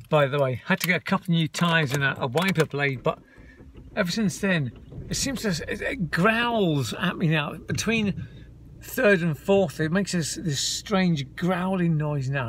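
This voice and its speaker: A man's voice: on the high side, a little slow, a bit bright, a little hiss or hum. A man rambling casually to his viewers, calling them folks, while walking outdoors and filming on a handheld phone. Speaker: vlogger. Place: outdoors, walking around town.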